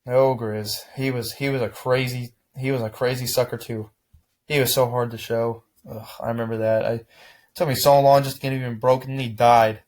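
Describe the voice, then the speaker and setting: A man's voice: medium pitch, moderate pace. Easygoing young man reminiscing casually. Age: young adult. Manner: rambling, relaxed, frequent restarts and "man". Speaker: vlogger. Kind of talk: casual reflective chat to camera.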